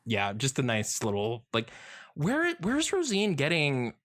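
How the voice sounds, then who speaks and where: A man's voice: medium pitch, huge pitch swings, unhurried, fairly bright tone. A man co-hosting a podcast, chatting casually about a comic in a rambling way, with lots of fillers and restarts. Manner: rambling, many fillers and restarts, laughs often. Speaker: podcast co-host.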